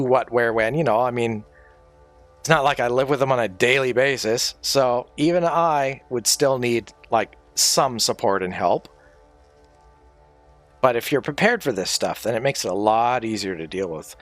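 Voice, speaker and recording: A man's voice: mid-range voice, a bit bright. A man rambling through a casual livestream monologue, conspiratorial and heavy on swearing.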